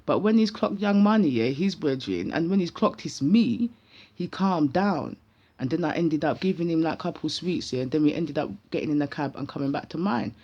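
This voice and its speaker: Animated and casual, a woman with a British accent laced with London street slang tells a personal story on her vlog. Her voice is deep and fairly quick, and the sound quality is lo-fi.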